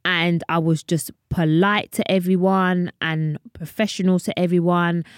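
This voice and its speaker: A woman's voice: lowish voice, level tone, measured pace, clear, resonant tone, no echo, clean studio sound. A young woman hosting a faith podcast, chatty and earnest, often wandering off topic. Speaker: podcast host. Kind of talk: personal faith talk to listeners.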